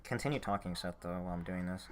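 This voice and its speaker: A man's voice: low-pitched, fast. A young man co-hosting a casual podcast, rambling and swearing with plenty of filler words, and he has the hiccups. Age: young adult. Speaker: podcast co-host. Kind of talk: casual chat.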